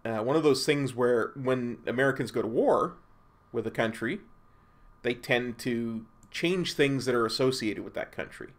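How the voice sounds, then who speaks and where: Gravelly laid-back gaming streamer. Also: male voice, mid-range voice, normal speed. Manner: laid-back, rambling, chatting with viewers. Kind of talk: casual gameplay chat.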